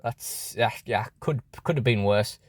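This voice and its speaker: A man's voice: fairly low pitch, measured pace, no echo. A man chatting casually through a toy unboxing review, rambling with fillers and restarts, recorded close and dry.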